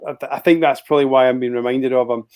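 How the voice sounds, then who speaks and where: A man's voice: mid-range voice, steady tone, fast, a little mellow, clear, resonant tone. A man co-hosting a podcast, trading laid-back, jokey banter in casual chat over a remote call. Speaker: podcast co-host.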